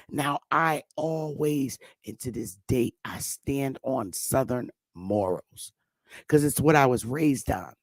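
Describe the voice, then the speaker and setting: Slow, gravelly-voiced outspoken woman. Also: rumbling low, expressive, no room sound. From Connecticut, US. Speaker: host. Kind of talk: casual conversation.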